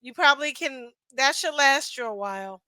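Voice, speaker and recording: A woman talks straight to her viewers in a loose, chatty way, with laughs between her points. Her voice sits high and bright, and it is recorded close and dry with no room sound. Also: lively intonation, moderate pace, no room sound, low-quality recording. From northern United States. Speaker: reaction video host. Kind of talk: casual chat to camera.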